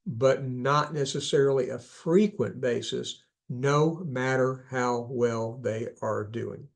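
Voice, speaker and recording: A man's voice: medium pitch, takes it slowly, creaky. A man who works as a clinician, giving a conversational talk to parents and adults, correcting himself often and adding asides. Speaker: speaker on ADHD, clinician. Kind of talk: casual lecture.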